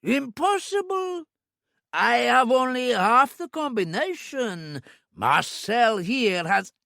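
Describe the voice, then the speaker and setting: A man's voice: high-pitched, huge pitch swings, gravelly, smooth, no room sound, studio quality, voice pushed up, heavily acted. A man voicing a small, fat, frightened club owner with a thick voice in an audiobook. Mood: panicked. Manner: pleading, panicky, drawn-out. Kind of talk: audiobook character reading.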